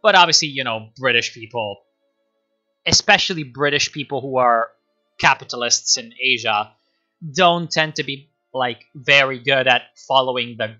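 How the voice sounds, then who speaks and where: Bright, sardonic male streamer. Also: medium pitch, normal speed, muffled recording, faint music behind. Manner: rambling and sardonic, with many fillers. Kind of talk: casual history talk on a live stream.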